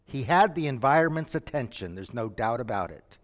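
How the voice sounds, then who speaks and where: Guy preaching, gets dramatic, goes quiet then loud, big echoey hall. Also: mid-range voice, expressive, fairly quick. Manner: dramatic, shifts from quiet to shouting. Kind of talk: sermon. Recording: long reverb from a hall.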